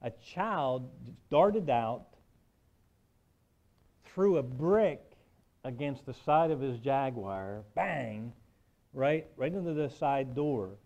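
A preacher with a middle-pitched voice delivers his sermon as relaxed, conversational storytelling. He often pauses with "um" and checks in with "right?", and the recording sounds a little dull and muffled.

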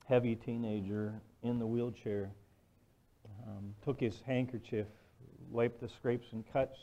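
A man's voice: medium pitch, warm tone, muffled recording. Male preacher telling a story in a sermon. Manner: conversational storytelling, frequent "right?" and "um".

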